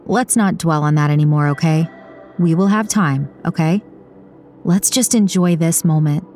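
A woman's voice: deep voice, normal speed, a little mellow, faint music behind, close to an everyday voice. A woman reading an audiobook, voicing a proud, bitter middle-aged mother, in a reproachful manner. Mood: soothing. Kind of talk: audiobook character voice.

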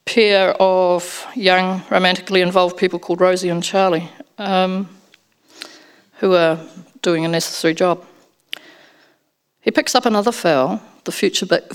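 A woman narrating a first-person story as an audiobook, in an expressive storytelling manner. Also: on the low side, a little slow.

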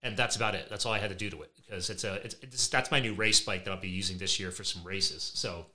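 A man hosting a podcast, telling animated, chatty anecdotes. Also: low voice, fast talker. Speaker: podcast host. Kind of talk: casual conversation.

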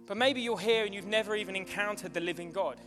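A man preaching a sermon to his church, excitable and building to fervent shouting, with a live demonstration. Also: high-pitched, quick pace. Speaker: pastor. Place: church hall. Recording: long hall reverb with music behind.

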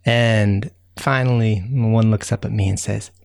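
Man voicing a gravelly, excitable raccoon storyteller. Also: on the low side, measured pace. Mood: excited. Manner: rambling, excitable, full of fillers and sound effects. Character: chatty male raccoon telling a tall tale.

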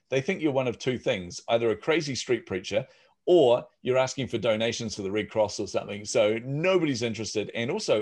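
A man, a startup founder telling stories casually on a podcast and acting out the voices of the people in them. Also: medium pitch. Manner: animated, acts out quoted voices. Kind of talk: casual storytelling.

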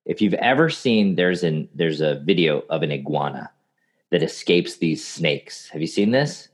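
A man with a very low, deep voice speaks in a relaxed podcast chat. He tells lively stories with energy and explains his ideas to listeners in plain, friendly terms. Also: unhurried. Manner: storytelling, animated anecdotes. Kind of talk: casual podcast conversation.

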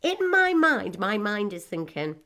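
A woman in her forties giving a chatty, self-mocking personal talk to her audience, laughing often and breaking into quick asides. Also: medium pitch, sing-song, pushed and bright. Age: 40s. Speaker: motivational speaker.

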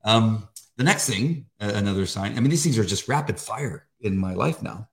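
A middle-aged man co-hosting a faith devotional, talking in a halting, emotional way with many fillers. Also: on the low side, lively intonation. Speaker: devotional co-host. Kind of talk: casual faith chat.

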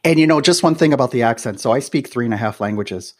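A man's voice: mid-range voice, expressive, fast talker. A man with a Midwestern American accent hosting a podcast interview, telling stories in a chatty way full of "you know" and "right". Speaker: podcast host. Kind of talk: casual interview chat.

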